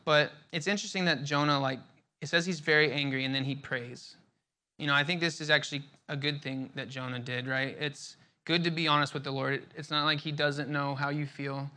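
A young man teaches a Bible passage loosely and conversationally, full of fillers, restarts and repeated words. His voice is on the high side, steady, fairly quick, pushed and bright.

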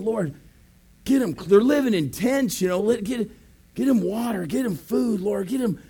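Male pastor, high voice, animated testimony storyteller who bursts into shouts. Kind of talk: testimony sermon.

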